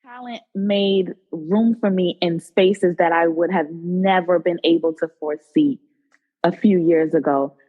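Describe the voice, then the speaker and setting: A woman nurse turned cook, a podcast guest telling her story in an animated, casual way. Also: lowish voice, a little slow, phone-quality sound. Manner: animated storyteller who acts out quotes. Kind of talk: casual interview talk.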